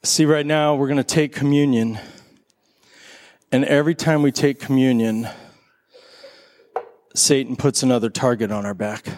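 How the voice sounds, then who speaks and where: A middle-aged male pastor preaching a sermon, telling a lively story, then leading communion. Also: normal speed, long pauses. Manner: animated storytelling, rising high when excited.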